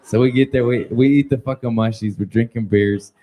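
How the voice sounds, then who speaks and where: A man spins a crude, rambling stand-up story, chuckling through his own lines. His voice sits at an ordinary middle pitch. The recording carries clear background hiss and clicks. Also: fairly even intonation, a little fast.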